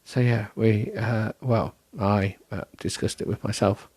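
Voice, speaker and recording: A man with a lowish, steady, slightly mellow voice speaks unhurriedly on a dry recording. Hosting a solo podcast, he rambles casually and self-deprecatingly, full of ums and restarts, sounding tired and yawning.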